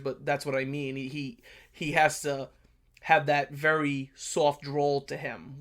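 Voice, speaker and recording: A man's voice: a little high, gravelly. Brash New York man reviewing a film. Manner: blunt, brash, chatty with many fillers. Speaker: history channel host. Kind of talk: casual movie review monologue.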